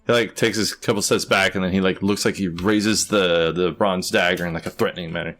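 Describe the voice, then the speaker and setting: A man's voice: sits low, steady tone, a little fast, a bit bright, soft background music. Casual male game master narrating. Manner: casual, filler-heavy description.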